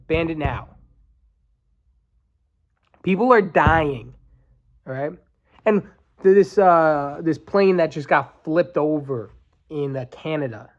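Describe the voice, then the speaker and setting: On the high side, his voice comes through a recording with the top end cut off. He's a podcast host in his twenties, swearing heavily through a heated rant and breaking off at times to gather his thoughts.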